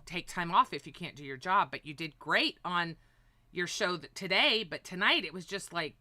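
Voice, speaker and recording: A woman hosting a livestream, ranting with heavy profanity and often breaking into shouts. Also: on the low side, animated, normal speed, dry recording. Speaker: livestream host. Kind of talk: heated livestream rant.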